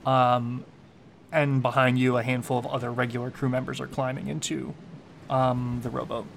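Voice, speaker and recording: Relaxed male game master narrating. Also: medium pitch, moderate pace, vocal fry, a little hiss or hum. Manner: descriptive, relaxed, many fillers.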